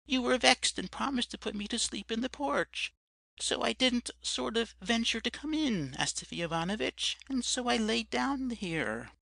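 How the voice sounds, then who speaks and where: A man's voice: very high-pitched, lively intonation, normal speed, gravelly, sharp tone, no room sound, voice pushed up, full character voice. A man voicing a meek, broken-down drunken man who talks in a timid, apologetic, pleading way.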